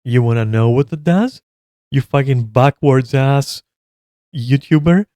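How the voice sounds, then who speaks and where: A man's voice: medium pitch, measured pace, no echo. Foul-mouthed man ranting hotly. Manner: profane, heated, swears constantly; animated and mocking, laughs at his own jokes. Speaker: commentator reacting to a video. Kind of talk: ranting commentary on online gaming.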